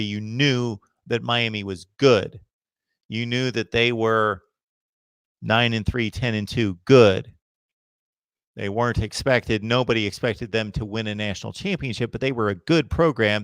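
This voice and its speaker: A man's voice: mid-range voice, dry recording. A man hosting a live college football chat, reading viewer comments and giving emphatic opinions. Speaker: host of a college football livestream.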